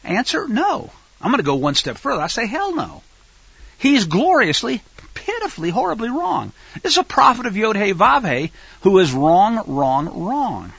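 An animated male preacher teaching through a scripture passage, his voice leaping wildly up and down in pitch. The tone is bright yet husky, heard dry and close on a slightly dull, lo-fi recording. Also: normal speed, dry recording. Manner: animated and emphatic, swinging from loud stresses to near-murmurs. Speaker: Bible teacher. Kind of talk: teaching sermon with scripture reading.

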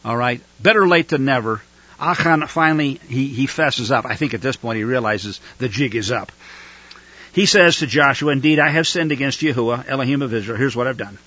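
A man preaching a sermon, reading scripture and rising into fiery, shouted outbursts. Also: mid-range voice, a little fast, no echo, dull audio.

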